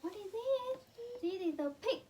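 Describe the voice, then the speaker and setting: A Vietnamese-accented mother teaching her child English with hand puppets, repeating words slowly and imitating animal sounds. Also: very high voice, expressive, dark tone, slight background noise.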